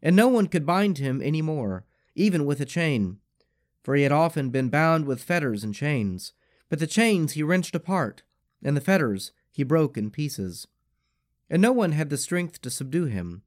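A man reading scripture and prayers aloud in a measured, expressive way. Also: fairly high pitch. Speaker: scripture reader.

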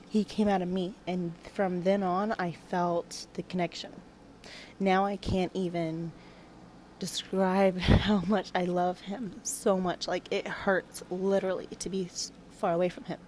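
A young woman hosting a podcast, talking in a halting, confessional way as she shares a personal story. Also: medium pitch, mellow, a little hiss or hum, low-quality recording. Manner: emotional, confessional, halting with restarts. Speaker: podcast host.

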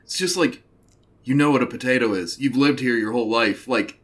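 A young man co-hosting a casual podcast, animated, swearing freely and laughing often. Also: mid-range voice, fast talker. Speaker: podcast co-host.

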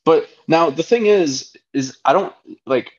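A man's voice: fairly high pitch, a little slow, breathy edge. A man as a podcast guest, giving rambling, hedging opinions in casual chat. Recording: dull lo-fi podcast audio.

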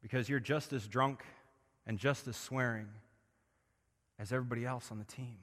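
A man preaching a sermon as pastor, moving between hushed, intimate passages and loud, impassioned swells. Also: mid-range voice, fairly even intonation, normal speed, long reverb tail.

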